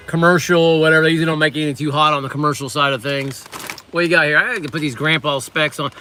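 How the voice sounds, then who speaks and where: A man's voice: on the high side, pushed and bright. A middle-aged man casually chatting on a livestream, rambling as he reviews snacks and reads out viewer comments. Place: on lunch break at a waterfront work site.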